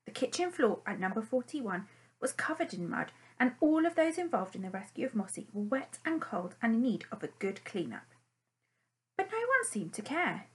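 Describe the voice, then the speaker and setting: A woman narrating a children's storybook chapter in an expressive, animated storytelling manner. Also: on the high side, normal speed, low-quality recording. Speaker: audiobook narrator.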